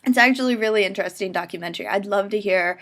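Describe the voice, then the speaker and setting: A woman's voice: medium pitch, racing. A young woman from America, a university student, chatting to the camera in a self-mocking way while getting over a cold. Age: young adult. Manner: chatty, self-mocking, animated quoted voices. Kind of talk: casual chat to camera.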